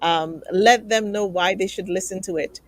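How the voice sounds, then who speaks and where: A woman's voice: mid-range voice, moderate pace, no echo. A woman hosting a live talk show, earnest and emotional as she thanks guests and pleads with viewers.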